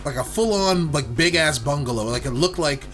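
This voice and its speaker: Male let's-play co-host, slightly high voice, casual rambling anecdote teller. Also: lively intonation, moderate pace, fairly bright tone, faint music behind. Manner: rambling, filler-heavy anecdote. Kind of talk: casual storytelling while gaming.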